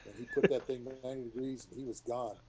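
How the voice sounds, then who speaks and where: A middle-aged man, a retired military pilot, telling rambling war stories to a group in a casual, animated way. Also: mid-range voice, fast talker, slight background noise, low-quality recording. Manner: rambling, animated, many restarts and asides.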